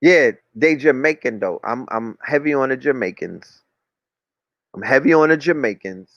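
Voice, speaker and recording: A man's voice: medium pitch, lively intonation, moderate pace, no room sound. A man, talking as a podcast guest in a rambling, casual way, full of street slang and cursing. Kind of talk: casual chat. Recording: dull, dry lo-fi recording.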